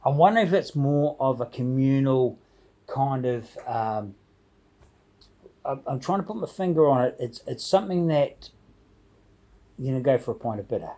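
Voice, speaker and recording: A man's voice: mid-range voice, animated, normal speed, pauses often, warm tone, low-quality recording. A man chatting casually to his viewers from his home brew shed, rambling and hesitant, full of fillers and restarts. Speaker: home brewer. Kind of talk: casual vlog chat to viewers.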